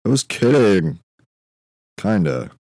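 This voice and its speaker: A young man hosting a podcast, rambling through a comedic monologue in a meandering, deadpan way, often stopping himself mid-thought. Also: on the low side, takes it slowly, no echo, studio quality. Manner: meandering, self-interrupting, deadpan musing with frequent fillers. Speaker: podcast host.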